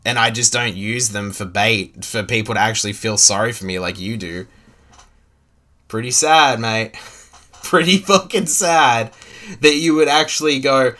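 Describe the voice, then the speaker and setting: A man's voice: medium pitch, measured pace, sharp tone. A young man with an Australian accent, a streamer, talking in a taunting, profane, laughing way. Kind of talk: mocking streamer commentary.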